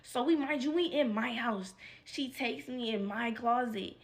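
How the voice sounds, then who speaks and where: Animated high-voiced woman telling a story. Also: unhurried. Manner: animated, profane, heavy filler "like". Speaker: storytime vlogger. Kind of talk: casual storytime.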